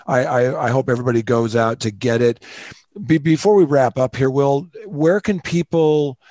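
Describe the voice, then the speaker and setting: A male podcast host with a mid-pitched voice in a dry, close recording. He sounds enthusiastic and warm, and stumbles over the first words of his sentences. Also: normal speed, no room sound. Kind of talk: casual podcast chat.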